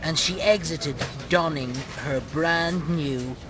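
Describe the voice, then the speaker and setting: An actor voicing a foul-mouthed, grumpy Irish puppet farmer who tells a tale with scorn and insults, in an Irish accent. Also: male voice, a little high, slow pace. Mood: storytelling. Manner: scornful, barking insults, relishing a spooky tale. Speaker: puppet co-host.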